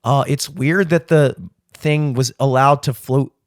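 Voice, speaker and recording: A man's voice: medium pitch, steady tone, unhurried, dry recording, studio quality. A man as a podcast guest in casual chat, ranting in a rambling, profane way.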